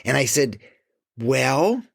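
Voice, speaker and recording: Husky-voiced man giving lively pep talk. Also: slow pace, dry recording, studio quality. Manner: emphatic, casual swearing; animated, drops to low quiet asides. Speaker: creative coach. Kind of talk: motivational monologue to camera.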